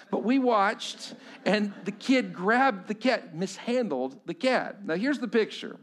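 A man's voice: high voice, moderate pace, a bit bright. A male pastor preaching a sermon, talking conversationally and telling stories with asides to the congregation.

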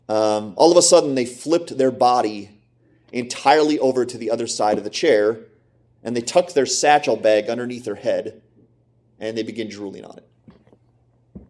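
Male pastor, middle-aged, sermon, emphatic repetition, rhetorical questions, mid pitch. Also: darkish tone.

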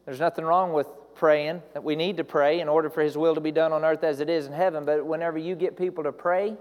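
A man's voice: a little high, steady tone, quick pace, big-room sound, lo-fi sound. A man preaching a sermon, building to emphatic repeated declarations.

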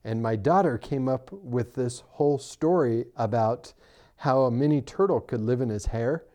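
A man's voice: medium pitch, moderate pace. A middle-aged man co-hosting a podcast in casual chat, telling stories and teasing his friend. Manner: teasing, animated storyteller. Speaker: podcast co-host.

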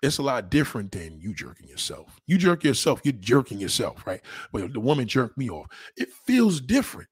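A man in a blunt, crude, rambling monologue, talking fast and casually. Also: medium pitch, huge pitch swings, husky, no room sound, studio quality.

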